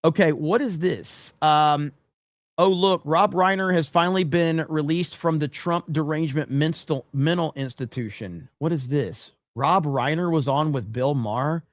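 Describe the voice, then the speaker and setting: A man hosting a livestream, reacting to clips with sarcastic, animated commentary. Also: a little high, a little slow, no echo, clean studio sound. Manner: sarcastic, animated, mock-quoting, chuckling. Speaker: livestream host.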